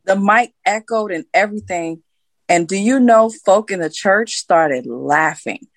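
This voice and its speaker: A woman's voice: medium pitch, animated, unhurried, dry recording. A woman singer as an interview guest, telling candid stories with frequent laughs. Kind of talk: casual interview.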